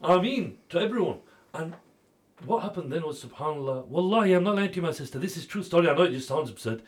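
A man making a charity appeal on TV. He swings between loud, pressing urging and hushed, intimate storytelling. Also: fairly high pitch, lively intonation, fast talker. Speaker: charity fundraiser. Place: TV studio.

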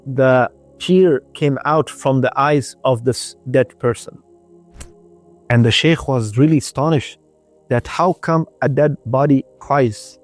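A man telling a religious story on the radio, often repeating his phrases and using Arabic religious terms. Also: on the high side. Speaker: storyteller on a community radio station.

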